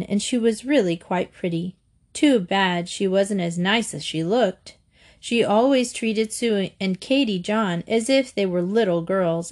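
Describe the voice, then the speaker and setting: A woman reading a children's chapter book aloud, gentle and expressive. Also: mid-range voice. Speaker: audiobook reader. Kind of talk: storybook narration read aloud.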